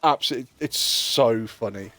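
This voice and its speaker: A man's voice: medium pitch, moderate pace, bright, forceful tone, dry recording, soft background music. Male streamer host, loose storyteller who swears a lot and laughs at his own tales, dead dry mic. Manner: rambling, swears freely, laughs at own stories. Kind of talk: casual chat.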